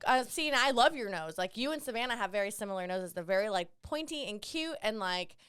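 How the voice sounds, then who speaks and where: Young woman podcast host, rambly and chatty, smooth clear voice, dry close mic. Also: medium pitch, animated, fast, fairly bright tone, no room sound. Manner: chatty, rambling with lots of "like", swears. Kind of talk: casual chat.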